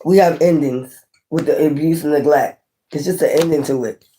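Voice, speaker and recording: A woman's voice: sits low, moderate pace, warm tone, slight background noise. A woman reads tarot cards for her viewers in a loose, casual way. She is blunt and swears freely, speaks with passion, and hammers her points home with repetition and questions to the audience. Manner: blunt, profane, repeats herself emphatically. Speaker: tarot reader. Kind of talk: casual tarot reading to camera.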